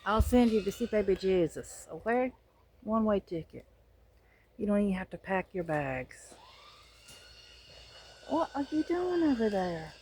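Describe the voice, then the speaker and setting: A woman's voice: mid-range voice, a little slow, pauses often, slightly rough. A woman with a Southern US accent giving a casual, joking tour of her backyard garden, filmed on a handheld phone. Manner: animated, joking, chatty, swings from muttering to loud exclamations. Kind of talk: casual chatty vlog. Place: outdoor backyard garden with chickens.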